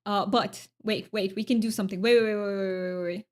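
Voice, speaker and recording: A woman's voice: medium pitch, fairly even intonation, a little fast, a little mellow. A woman live streamer chatting casually with viewers while she draws, scattered and self-interrupting, often repeating her words.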